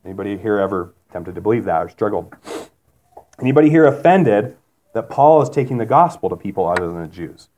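A man's voice: fairly low pitch, very animated, fairly quick, darkish tone, dull audio, a little hiss or hum. Guy preaching a sermon, chatty, keeps asking the crowd questions, acts out the quotes. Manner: conversational, asks the congregation questions. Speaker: pastor.

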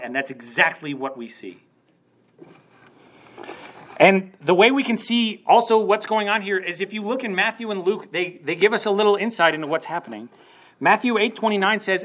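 A man's voice: high voice, sharp tone. A young man preaching a sermon in a conversational way, asking rhetorical questions and acting out quoted lines.

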